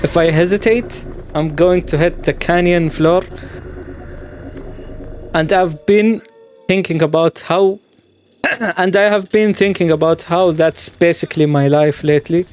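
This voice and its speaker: A man's voice: a little high, steady tone, unhurried, long pauses, a little hiss or hum. A man hosting a gaming channel, talking over his gameplay in a reflective, musing way, with the odd playful exclamation.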